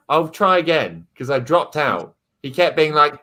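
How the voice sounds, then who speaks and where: A man's voice: on the high side, big pitch swings, unhurried, few pauses, pushed and bright. A man bantering with castmates in dry, mock-pompous quips. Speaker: improv performer.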